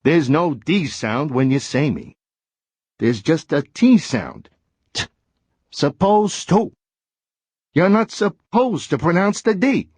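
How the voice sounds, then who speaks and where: A man's voice: fairly high pitch, lively intonation, unhurried, darkish tone, slightly rough, no room sound. A man voicing a chatty cartoon word character who is weary of life's duties and talks in a confiding, sighing way in an educational cartoon.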